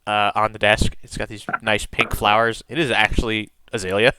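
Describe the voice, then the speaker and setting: Here a male game master narrates scenes for his tabletop group in an easygoing, wandering style full of fillers. The voice is fairly low and smooth, delivered at normal speed.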